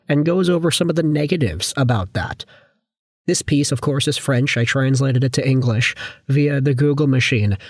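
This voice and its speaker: A hoarse man with a sore, scratchy voice chats about hockey with lots of casual asides. His voice is recorded dry and close, with no room sound. His pitch sits in an ordinary middle range for a man. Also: no echo. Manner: chatty, conversational, with frequent asides. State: hoarse from a viral infection. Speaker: hockey YouTuber. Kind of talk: casual sports commentary.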